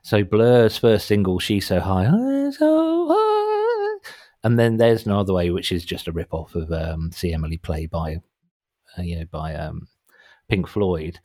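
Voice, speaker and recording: Low-voiced rambling man in his forties. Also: little pitch movement, normal speed, darkish tone. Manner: rambling, self-deprecating, breaks into mock voices. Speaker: podcast co-host. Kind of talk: casual chat. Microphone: headphones, home mic.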